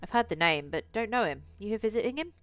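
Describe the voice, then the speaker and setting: A woman's voice: mid-range voice, lively intonation, fast talker, a bit bright, dry recording, soft background music, voice pushed up. A woman reading a chatty tattooed guy. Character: muscular tattooed man, friendly and curious. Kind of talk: reading game dialogue aloud.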